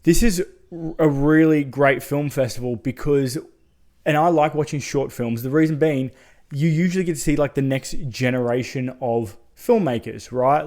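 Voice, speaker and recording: Excitable swearing man reviewing horror films. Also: mid-range voice. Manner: enthusiastic, swears freely, chatty asides. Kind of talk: casual spoken film review.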